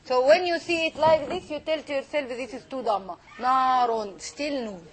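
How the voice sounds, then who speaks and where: A woman teaching a Quran reading lesson, patiently repeating sounds slowly for her students. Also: high voice, lively intonation, darkish tone, a little hiss or hum, low-quality recording.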